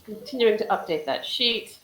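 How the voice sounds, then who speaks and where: A woman commentating a game in an expressive, playful way. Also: mid-range voice, normal speed, echoey room, soft background music, rough recording.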